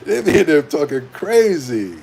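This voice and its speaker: A young man rants casually to camera in a fairly high voice, wandering from point to point. He talks in loose slang and breaks into laughter often. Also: very animated, moderate pace, gravelly, darkish tone, breathy edge. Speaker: gaming commentator.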